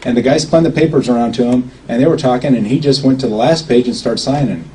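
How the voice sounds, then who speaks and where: A man gives a loose, conversational talk to people gathered around him, often stopping to check whether they follow. His voice is dark and mellow. He was recorded from some distance, with faint background noise. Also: medium pitch, fast, few pauses. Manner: chatty, asks okay often. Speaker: speaker at a gathering. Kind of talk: informal outdoor talk to a group.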